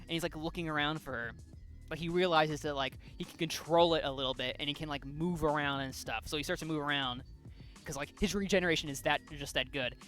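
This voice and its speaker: Bright-voiced man retelling a comic. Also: fairly high pitch, fast, faint music behind. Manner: rambling with frequent fillers and restarts. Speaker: podcast co-host. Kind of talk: casual chat retelling a comic.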